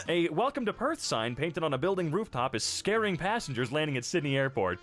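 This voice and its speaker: A man with a fairly high voice that swings widely up and down hosts a video, reading online posts aloud and cutting in with wry jokes. Soft music plays faintly underneath. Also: very animated, brisk, hardly any pauses. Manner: wry, joking asides. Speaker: host.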